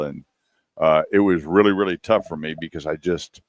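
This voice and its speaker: A man with a very deep voice, hosting a radio talk show in a dry, close studio sound. He spins a casual story and acts out what each person said. The voice carries a host's easy, conversational ease. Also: brisk, no room sound. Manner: animated storyteller acting out quoted dialogue.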